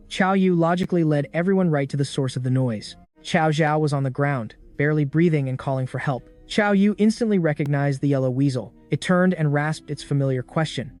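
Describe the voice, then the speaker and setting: A man narrating a story recap in a brisk, dramatic scripted style. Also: a little high, a little mellow. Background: faint background music.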